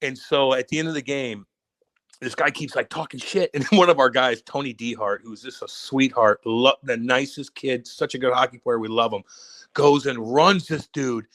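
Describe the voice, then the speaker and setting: A man's voice: mid-range voice, moderate pace, dry recording. A man co-hosting a podcast, telling a rowdy story in casual, profane chat. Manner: profane, animated storytelling with acted quotes. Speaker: podcast co-host.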